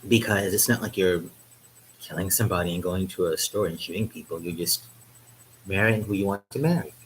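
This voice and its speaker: Low and brisk, this man's voice sits on a low-quality recording with a little background noise. He's vlogging indoors in Europe over wine, rambling and joking to camera, saying "um" constantly and laughing at his own humor.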